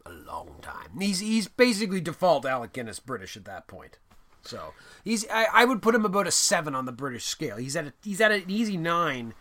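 Young male co-host, high-ish lively voice, jokey and profane. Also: brisk. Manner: animated and jokey, swearing and breaking into bits. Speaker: podcast co-host. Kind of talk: casual film discussion podcast.

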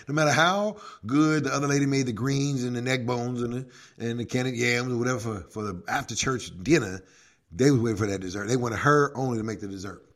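A man who is a pastor and podcast co-host, telling stories in a casual, animated way and laughing often. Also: medium pitch. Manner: animated, acts out quoted prayers, laughs often. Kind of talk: casual faith talk with storytelling.

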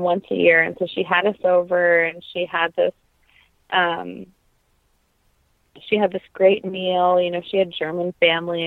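In a casual interview, a young adult woman trained in opera reflects in a heartfelt way, with plenty of filler words. Her voice is lowish and creaky, with no room sound, and the audio has a tinny, phone-like quality.

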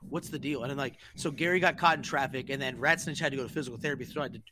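Racing along in a mid-range voice, this podcast co-host tells his friends a lengthy story in casual conversation, with noise in the background. He's profane and animated, performing the messages he reads out.

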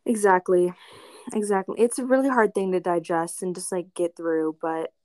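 A woman's voice: on the low side, steady tone, normal speed, darkish tone. A young woman guest on a casual podcast, speaking candidly and earnestly with many fillers.

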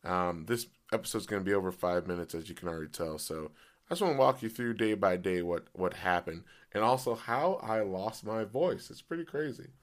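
Man, podcast host, hoarse voice breaking in and out, lowish pitch, lots of ums and uhs. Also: animated, brisk. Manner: rambling, lots of fillers; pitch jumps as voice cracks. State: voice partly gone, hoarse. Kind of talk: casual solo podcast.

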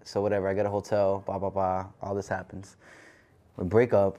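Young male guest, foul-mouthed storyteller who gets loud when animated. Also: sits low, fairly quick, highs cut off. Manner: profane storytelling, loud bursts when excited. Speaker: podcast guest. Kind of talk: casual podcast chat.

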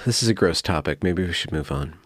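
Male host, lowish voice, rambling casual delivery, close and dry. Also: lively intonation, quick pace, fairly bright tone, no room sound. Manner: loose, hedging with fillers. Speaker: podcast host. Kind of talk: casual chat.

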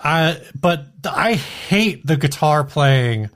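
A man's voice: fairly high pitch, lively intonation, slow pace, a bit bright. A man co-hosting a casual music podcast, blunt and opinionated, joking as he goes. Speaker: podcast co-host. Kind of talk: casual chat.

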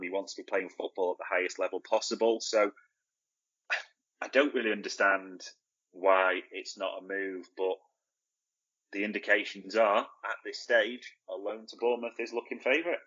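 A man's voice: on the low side, steady tone, normal speed, bright, forceful tone, muffled recording. Blunt, opinionated man on a podcast. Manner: blunt, opinionated, answers his own questions. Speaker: podcast co-host. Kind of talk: casual football chat.

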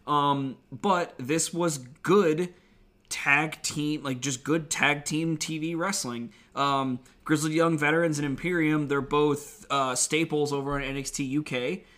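A man's voice: fairly high pitch, unhurried. A man co-hosting a podcast, rambling casually with lots of "uh" and "like". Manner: relaxed, rambling with fillers like "uh" and "like". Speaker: podcast co-host. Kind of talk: casual chat.

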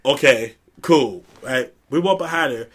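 A man telling stories in a casual podcast chat, animated, laughing often and mimicking voices. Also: mid-range voice, unhurried. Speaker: storyteller in a group chat.

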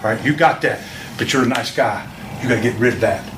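A veteran wrestler with a drawl gives a young wrestler a motivational pep talk for a promo video, rambling, emphatic, and repeating himself. His voice is mid-pitched and quick. He sits some distance from the mic in an echoey, noisy room.

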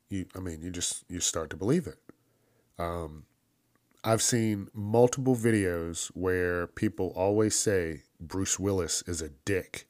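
A man hosting a casual solo podcast, ranting profanely and laughing at his own jokes, with loud mocking put-on voices for the people he quotes. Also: low-pitched, dry recording, clean studio sound. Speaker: podcast host.

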